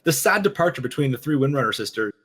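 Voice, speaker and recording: Husky guy talking fast about game lore, gets animated, does little quote voices. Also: medium pitch. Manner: rapid, animated, acts out quoted lines. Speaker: co-host of a game lore reaction show. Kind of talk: casual chat, lore analysis.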